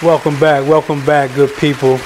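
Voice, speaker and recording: A man's voice: a little high, flat delivery, a little mellow, a faint crowd, slight background noise. Earnest male radio show host. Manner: earnest, measured, with many fillers.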